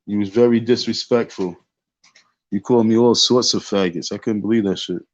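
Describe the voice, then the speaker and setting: A man's voice: fairly low pitch, fairly even intonation, fairly quick, highs cut off. A man ranting on his livestream, emphatic and repetitive, dismissive as he drags out his insistence. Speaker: live streamer. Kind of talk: casual livestream rant.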